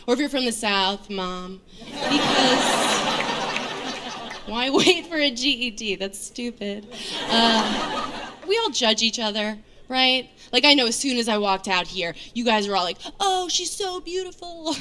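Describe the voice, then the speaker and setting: A woman in her thirties from New York doing a stand-up set on stage, with a deadpan, self-mocking delivery full of fillers. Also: on the high side, measured pace, very noisy. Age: 30s. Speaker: stand-up comedian. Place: comedy stage before a live audience. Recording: live show with crowd laughter. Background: audience laughter.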